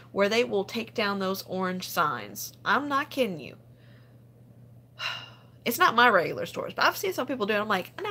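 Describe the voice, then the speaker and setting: A woman in a casual live-stream chat, reading comments aloud with quick laughs. She explains things patiently and in plain terms, like talking to friends. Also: medium pitch, sharp tone. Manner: chatty and laughing, explains step by step. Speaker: couponing channel host.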